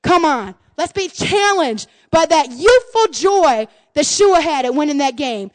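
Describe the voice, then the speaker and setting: A middle-aged woman pastor preaching a lively, folksy sermon, swinging from hushed asides to shouted excitement. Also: high-pitched, a little slow, no room sound. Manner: folksy, says "y'all" and "man".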